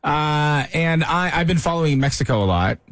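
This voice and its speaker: A man's voice: a little high, animated, moderate pace, a bit bright, dry recording. A man in his thirties hosting a morning radio show in casual, playful banter, laughing often. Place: radio studio. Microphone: studio microphone.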